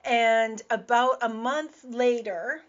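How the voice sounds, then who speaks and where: A woman's voice: a little high, fairly even intonation, takes it slowly. A woman host and business coach talking in a casual radio monologue, stressing points by repeating words. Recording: dull lo-fi audio.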